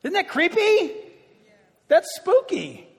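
A male pastor preaching a sermon with animated storytelling and chuckling asides, in a church hall. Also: extremely high pitch, slow pace, creaky. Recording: echoey hall.

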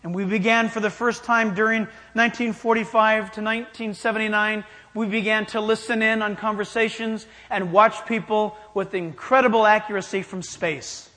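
A man's voice: high-pitched, fairly even intonation, moderate pace, few pauses, sharp tone. A man preaching a sermon in an emphatic style, challenging his listeners directly. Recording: long hall reverb.

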